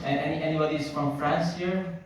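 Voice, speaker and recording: An Italian-born man with an American-sounding accent doing a stand-up set on a club stage, deadpan and full of halting restarts. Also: a little high, very echoey, far from the mic, heavy background noise. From Italy. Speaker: stand-up comedian. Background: audience laughter.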